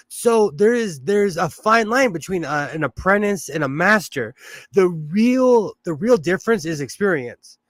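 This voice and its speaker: A man's voice: high voice, a bit bright, no room sound. A man hosting a casual sewing livestream, chatting, laughing often and reading viewer comments aloud. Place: home sewing room.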